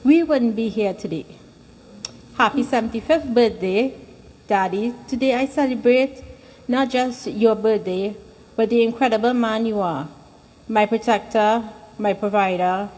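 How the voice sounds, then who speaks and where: A woman giving a heartfelt birthday tribute to her father at a temple gathering, halting and nervous. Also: medium pitch, darkish tone, rough recording. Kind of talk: emotional speech at a temple gathering. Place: temple hall.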